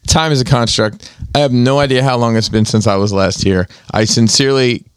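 A podcast co-host with a medium-pitched, clear, resonant voice speaks a little fast in casual chat. He rambles with wry asides about his week, in a clean studio recording without room sound.

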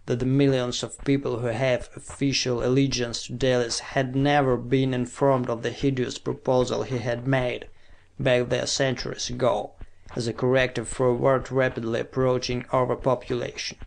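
Male narrator, gravelly voice, monotone, measured storytelling. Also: medium pitch. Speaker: audiobook narrator. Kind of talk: scripted narration.

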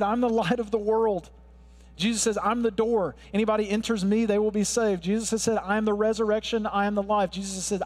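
A man preaching a sermon as a pastor, earnest, swelling louder when he quotes scripture. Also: fairly high pitch, long reverb tail.

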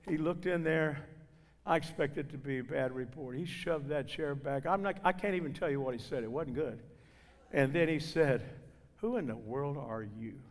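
Speaking at a moderate pace, a guest preacher with a somewhat higher-than-average male voice shares his testimony in church. He tells it with feeling, imitating the people he quotes, and the big hall adds a long, ringing reverb.

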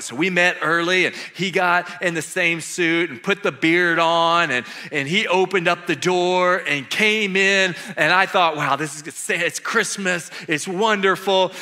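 Bright, animated man preaching. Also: high-pitched. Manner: animated, swings between hushed and shouted. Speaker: pastor. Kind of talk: storytelling sermon.

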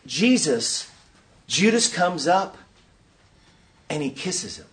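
A man giving a preaching-style conference talk, an animated storyteller who acts out scenes and asks the audience rhetorical questions. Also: fairly high pitch, slow, far from the mic. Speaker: workshop speaker at a conference.

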